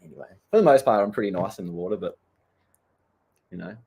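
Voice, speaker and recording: A man's voice: fairly low pitch, lively intonation, fast, creaky, darkish tone, breathy edge. An Australian man who surfs, telling stories in a casual, blunt rant full of swearing. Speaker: surfer vlogger. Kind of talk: casual ranting storytelling.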